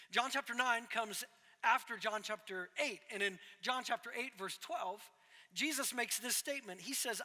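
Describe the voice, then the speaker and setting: High-voiced pastor preaching in a reverberant hall. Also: male voice, lively intonation, moderate pace, pushed and bright. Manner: conversational, self-deprecating, frequent "right?" asides. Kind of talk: sermon to young adults.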